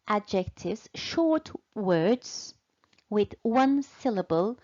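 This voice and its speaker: A woman teaching English in a slow, deliberate way, patiently repeating and stretching out key words for learners. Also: mid-range voice, a little mellow, dull audio. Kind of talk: slow, deliberate language lesson.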